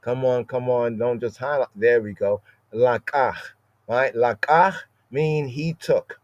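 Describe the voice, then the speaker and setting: Slow, deliberate man teaching scripture. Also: medium pitch, dry recording, highs cut off. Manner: repetitive, asks "right?" constantly, spells out words. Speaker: Bible study teacher. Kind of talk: informal scripture lesson.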